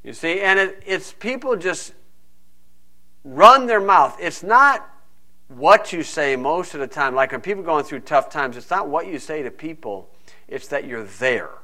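A man's voice: fairly high pitch, animated, unhurried, pushed and bright. A man preaching a folksy, conversational sermon full of asides. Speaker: pastor.

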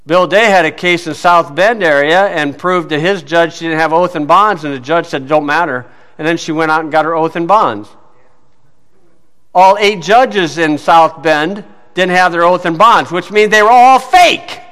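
Man, high bright voice, folksy storytelling preacher, says "you see" a lot, reverberant hall. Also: measured pace, clean tone. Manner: drops to a low mutter when telling stories. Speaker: preacher teaching on scripture and law. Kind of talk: folksy teaching sermon.

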